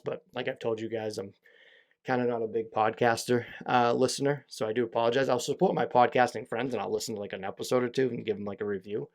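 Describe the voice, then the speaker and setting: A young adult man hosting a solo podcast, talking candidly and rambling with lots of fillers and swearing. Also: medium pitch. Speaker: podcast host. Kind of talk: casual solo podcast monologue.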